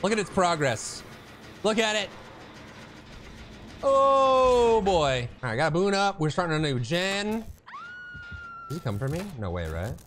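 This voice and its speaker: Excitable high-voiced man commentating a game. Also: measured pace, pauses often, slight background noise. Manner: excitable, swinging from mutters to shouts; banters with the opponent, teasing. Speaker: gameplay commentator. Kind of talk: live gameplay commentary.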